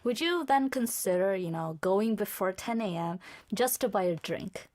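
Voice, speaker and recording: A woman's voice: mid-range voice, expressive, normal speed, a little mellow. Curious, hesitant woman studio guest. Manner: curious, hesitant, many fillers. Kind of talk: casual radio chat. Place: radio studio.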